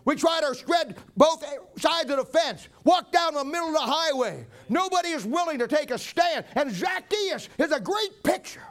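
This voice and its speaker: A man's voice: very high-pitched, expressive, moderate pace, few pauses, fairly bright tone. A man preaching a sermon, retelling a Bible story in a dramatic, folksy way.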